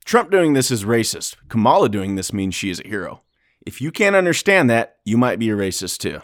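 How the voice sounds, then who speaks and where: A man's voice: lowish voice, sing-song, fairly quick, no echo, clean studio sound. A man hosting a podcast, talking in a mock-serious, sarcastic way about the news. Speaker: podcast host. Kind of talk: sarcastic political comedy chat.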